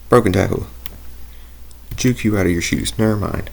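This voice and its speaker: A man's voice: deep voice, moderate pace, vocal fry, a little hiss or hum. A young man giving casual gameplay commentary, rambling into tangents and talking himself through his choices. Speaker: gaming video creator.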